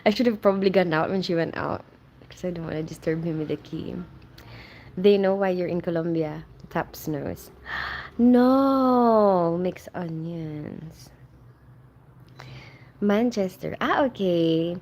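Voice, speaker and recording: A woman's voice: fairly low pitch, normal speed, a little mellow. Friendly woman livestreaming, reads out chat comments, says um and like a lot. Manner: chatty and friendly, greets viewers by name, many fillers. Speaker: livestream host. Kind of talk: casual live chat, reading viewer comments aloud.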